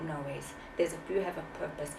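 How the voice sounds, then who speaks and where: A woman's voice: low voice, fairly even intonation, fairly quick, creaky, roomy sound, far from the mic, noisy background. A woman in her forties, from South Africa, speaking as an author in an interview, impassioned and preachy, often repeating her words. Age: 40s. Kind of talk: emotional testimony.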